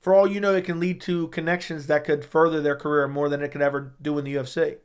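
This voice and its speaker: A man's voice: a little high, level tone, fast talker, clear, resonant tone. Blunt, profane man hosting a livestream. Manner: blunt, profane, dismissive of dumb questions. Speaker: MMA livestream host. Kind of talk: casual livestream chat, reading viewer questions. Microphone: studio dynamic microphone.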